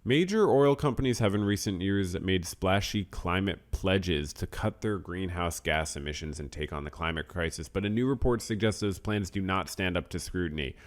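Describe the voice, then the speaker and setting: A young man with a fairly low voice hosts a podcast in loose, casual talk. He rambles, laughs at himself and lets asides fade into quiet mutters. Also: moderate pace, hardly any pauses. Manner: rambling and self-deprecating, trailing off to mutters. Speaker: podcast host. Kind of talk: casual podcast talk, reading names and news.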